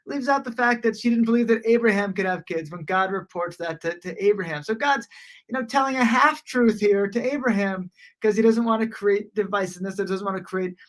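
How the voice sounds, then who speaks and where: A woman gives a relaxed spoken lesson on a page of Talmud. She explains things conversationally, leaning on "you know" and often restarting her sentences. Her pitch sits in a middle range. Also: brisk. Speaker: Talmud teacher.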